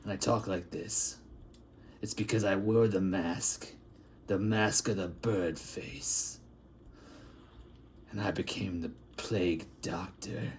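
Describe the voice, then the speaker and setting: A man's voice: deep voice, fairly even intonation, takes it slowly, long pauses, slight background noise. A man voicing a grimy male plague doctor from a back-alley town, rambling and crude in an improvised comic monologue. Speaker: artist improvising a comic story.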